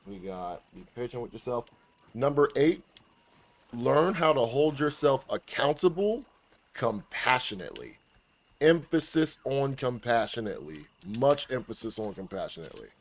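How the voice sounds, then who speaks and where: This gaming guide creator offers casual tips mid-game in an animated, mid-range voice at a moderate pace. Now and then he curses, and he mocks the enemies he battles.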